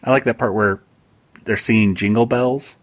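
A man's voice: medium pitch, fairly even intonation, normal speed. A man hosting a podcast, chatting casually about cartoons with lots of restarts and laughter. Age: adult, past high school. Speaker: podcast host. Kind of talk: casual chat.

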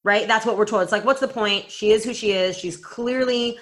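A woman podcast co-host telling a story in casual chat, animated and full of "like" fillers, acting out the voices she quotes. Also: a little high, brisk.

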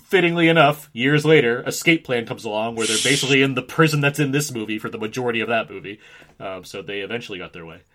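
A man's voice: medium pitch, quick pace, sharp tone, a little hiss or hum. A man in his thirties hosting a casual film discussion; he talks animatedly, laughs often and acts out quotes from the movie. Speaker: podcast host.

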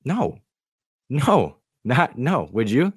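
A man's voice: medium pitch, big pitch swings, very slow, slightly rough, no room sound, clean studio sound. A man co-hosting a sports talk show, arguing his point in a casual, incredulous way with plenty of fillers. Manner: conversational, incredulous, many fillers. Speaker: sports radio co-host.

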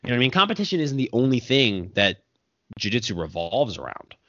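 A man's voice: medium pitch, a little fast. A man who coaches jiu-jitsu, talking casually and at length on a podcast and often stopping to correct himself. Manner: animated, rambling, self-correcting. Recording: dull lo-fi podcast audio.

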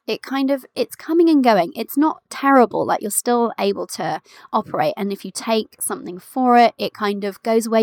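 A woman's voice: mid-range voice, no room sound, clean studio sound. A woman in her thirties hosting a casual solo podcast, chatty and giggly, calling listeners "my love". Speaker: podcast host and business coach for mothers.

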